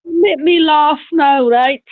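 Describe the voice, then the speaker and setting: Brief: high-pitched woman co-host, giggly and flustered, dull lo-fi stream sound. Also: slow. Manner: giggly, laughing fits. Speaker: livestream co-host. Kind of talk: casual live chat. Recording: lo-fi dull livestream audio.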